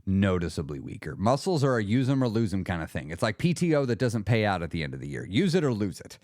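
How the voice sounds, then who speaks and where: A man's voice: fairly low pitch, quick pace, dry recording, studio quality. A man hosting his own podcast, talking through what he has learned in a casual, reflective way, with restarts and lots of "like". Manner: animated, acts out his own inner dialogue; conversational, with restarts and "like". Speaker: podcast host. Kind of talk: solo reflective podcast talk.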